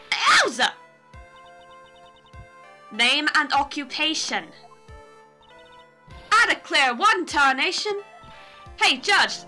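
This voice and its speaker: Brash southern drawl lady, hollering, lively up and down, a woman putting it on. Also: sits high, heavily acted. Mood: loud. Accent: put-on Southern US drawl. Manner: loud and hollering, folksy.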